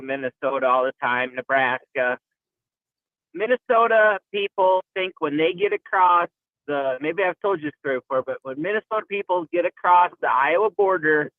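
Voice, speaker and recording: Caller on a tinny phone line. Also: male voice, on the high side, no room sound. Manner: chatty, easygoing. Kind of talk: call-in story.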